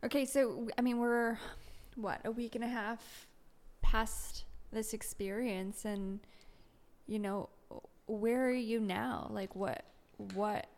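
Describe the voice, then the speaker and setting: A woman in casual conversation who gently prompts her partner with questions. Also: a little high, fairly even intonation, slow. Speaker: interviewer, partner.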